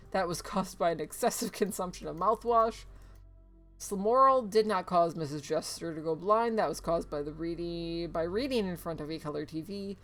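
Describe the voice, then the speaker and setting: A woman streamer casually commenting on a game and reading in-game emails aloud, with sarcastic asides and frequent laughter. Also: fairly low pitch.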